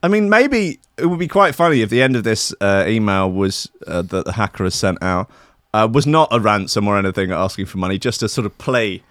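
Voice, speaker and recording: A man's voice: on the low side, a little fast, fairly bright tone, no echo, studio quality. A man, co-hosting a podcast with crude, laughing banter. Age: 30s. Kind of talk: casual comedic chat.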